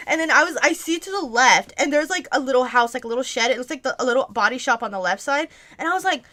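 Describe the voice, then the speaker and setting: A woman's voice: high-pitched, animated, fast talker, pushed and bright. A young adult woman streamer telling a story in casual chat, rambling with constant "like" fillers and frequent swearing. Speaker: streamer answering viewer questions.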